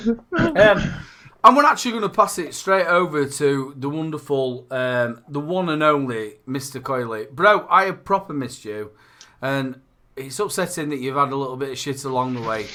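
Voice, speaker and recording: A man's voice: medium pitch, expressive, moderate pace, pushed and bright. A man hosting a casual live-stream show, swearing freely and trading jokey banter. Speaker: show host.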